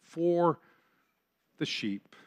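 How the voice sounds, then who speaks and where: Male pastor, sermon delivery, earnest, rhetorical questions, slightly raised pitch. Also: expressive, very slow. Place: church sanctuary.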